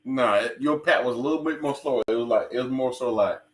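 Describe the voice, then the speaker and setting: A man's voice: medium pitch, fast talker, reverberant. A man co-hosting a podcast, joking and teasing his wife in a casual chat. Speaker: podcast co-host.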